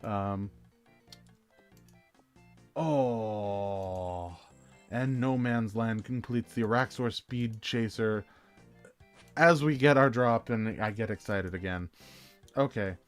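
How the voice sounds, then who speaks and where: A man's voice: fairly low pitch, slow, pauses often, soft background music. A Canadian man streaming a game, chatting in a jokey, rambling, self-deprecating way. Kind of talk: casual game-stream chat.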